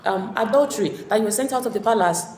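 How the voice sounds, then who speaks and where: A woman's voice: medium pitch, fast, darkish tone, pitched above the performer's own voice, close to an everyday voice. Woman voicing a haughty young prince, raised and scornful, with a bit of hall echo. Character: young prince, arrogant then shaken. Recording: echoey room with long reverb.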